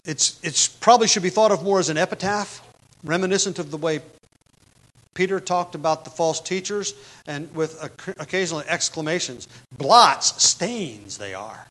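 Male preacher with a fairly high voice; teaching sermon, hammers key words, then drops low. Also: normal speed, poor audio. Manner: emphatic, swings between loud stresses and quiet asides; repeats key words for emphasis. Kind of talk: expository sermon.

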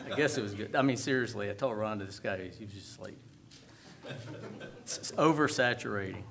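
A man leading a church service, making relaxed, joking announcements before calling out the hymn numbers. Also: lowish voice, brisk, gravelly. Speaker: worship leader. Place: church sanctuary.

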